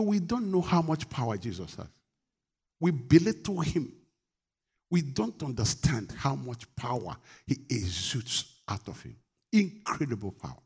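A middle-aged man preaching a sermon, moving from quiet talk to loud rebuke. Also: mid-range voice, breathy edge. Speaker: pastor.

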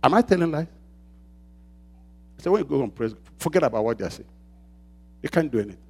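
A man preaching a sermon, asking the congregation to finish his sentences and swinging between loud shouts and quiet asides. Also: a little high, very animated, quick pace, husky. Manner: call-and-response preaching, asks the congregation to fill in words.

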